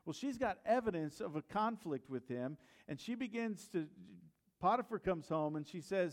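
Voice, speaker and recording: Male pastor, fairly high voice, storytelling sermon, questions the congregation. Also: lively intonation, normal speed.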